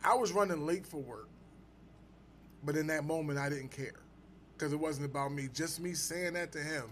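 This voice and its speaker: A man with a fairly high voice tells a personal story on a podcast. He rambles in a loose, conversational way and fills his sentences with "you know" and "um." Faint noise runs behind him. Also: normal speed, a bit bright. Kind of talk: casual anecdote telling.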